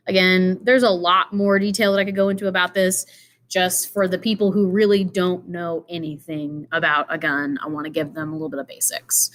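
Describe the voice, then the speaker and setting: A woman's voice: lowish voice, fairly bright tone. A woman giving an informal lesson, walking through slides with many fillers and asides. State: tired, yawning. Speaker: teacher. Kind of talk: casual explanatory lecture.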